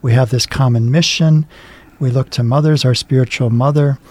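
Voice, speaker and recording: A man co-hosting a religious talk show, speaking in a gentle, reflective way. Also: medium pitch, steady tone, normal speed.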